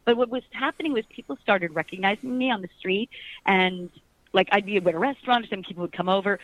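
A middle-aged actress talking animatedly in an interview, laughing often and rambling with restarts. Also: female voice, medium pitch, a little fast, a bit bright, no echo, low-quality recording. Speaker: actress, guest. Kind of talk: casual interview chat.

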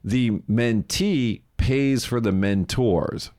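A man co-hosting a casual chat, animated, acting out people in quoted voices and laughing often. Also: mid-range voice, slow pace. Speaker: podcast co-host. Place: lives in Japan.

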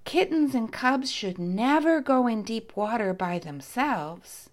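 A woman voicing a brave, playful female cat in a children's story, speaking calmly and firmly. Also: fairly high pitch, slow pace.

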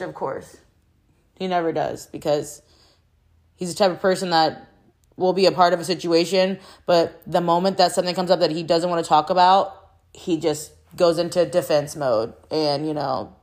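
A woman's voice: lowish voice, normal speed, darkish tone. A young woman venting frankly about a bad relationship, swearing often and rambling with restarts. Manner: frustrated and exasperated. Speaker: vlogger. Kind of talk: candid personal vent.

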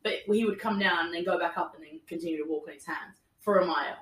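A young woman tells a story in casual, animated chat, acting out each person's lines and laughing as she goes. She sits a little back from the mic, so her voice carries a roomy echo. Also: lowish voice, quick pace, far from the mic. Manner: animated storyteller, quotes people, laughs often. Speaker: guest telling a story.

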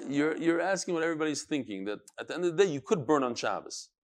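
A man teaching a Talmud class, explaining the text in an animated way, calling on students and reading Aramaic phrases in a singsong. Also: a little high, quick pace. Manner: animated, switches between English and chanted Aramaic phrases, calls on students. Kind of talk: lively classroom Gemara lesson.

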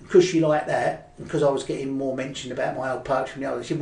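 An older Cockney-accented man from London's East End, a guest poet, rambles through stories in a casual interview chat, full of fillers and restarts. His mid-range voice is gravelly and a little mellow, very fast, with fairly even intonation. He sits away from the mic in an echoey room, so he sounds distant.

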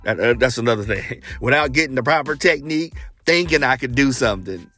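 A man hosting a podcast, telling a personal story in a casual, animated way and acting out the dialogue. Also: a little fast, soft background music. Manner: animated, acts out quoted dialogue with big pitch jumps. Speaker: podcast host.

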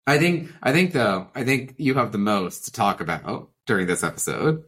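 A woman's voice: extremely low pitch, very animated, moderate pace, husky. A woman co-hosting a podcast in casual chat, eagerly chiming in with her own asides. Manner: eager, chimes in with interjections. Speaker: podcast co-host.

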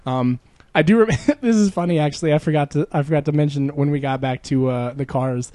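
A man's voice: fairly high pitch, fairly quick, dark tone, no room sound. A young man chatting casually with a friend, rambling, swearing a lot and laughing often. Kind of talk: casual chat.

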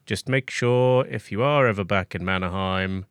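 A man voicing a burly, hearty boss with a booming laugh, speaking slowly. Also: clean tone, dry recording, studio quality, lightly acted. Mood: stern.

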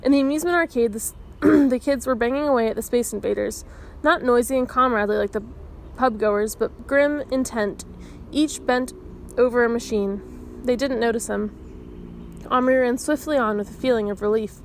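A woman reading a children's novel aloud, expressive, giving the dialogue its own voices. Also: fairly high pitch, moderate pace, slight background noise. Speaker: audiobook reader.

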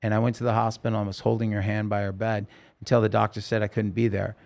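Gravelly-voiced man telling a story. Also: on the low side, level tone, fast, a little mellow. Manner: rambling, emotional retelling with many fillers. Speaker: podcast guest telling his story. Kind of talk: casual storytelling interview.

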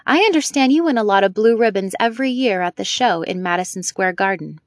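A woman's voice: mid-range voice, expressive, fairly quick, no echo, clean studio sound, lightly acted. A woman reading the first-person account of a male landscaping superintendent, in plain storytelling.

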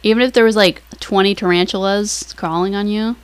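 A woman's voice: mid-range voice, steady tone, fairly quick, smooth. Rambling, giggly young woman recapping. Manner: rambling and giggly, casual swearing. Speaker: podcast co-host. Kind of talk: casual chat, episode recap.

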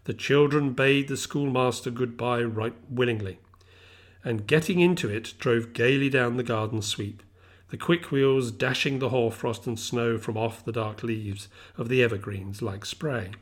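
A middle-aged man reading a classic novel aloud in a measured, expressive storytelling manner. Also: medium pitch. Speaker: reader.

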